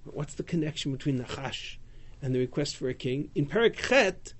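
A man teaching a text-study class, reading Hebrew verses aloud and paraphrasing them in an animated way. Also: fairly high pitch, normal speed. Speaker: Torah teacher.

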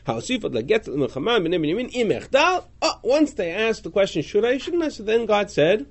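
A man's voice: high voice, a little fast, vocal fry. A man leading a class on a religious text, reading the original phrases aloud and then translating and questioning them. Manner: animated, reads Hebrew and Aramaic then translates. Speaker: Talmud class teacher.

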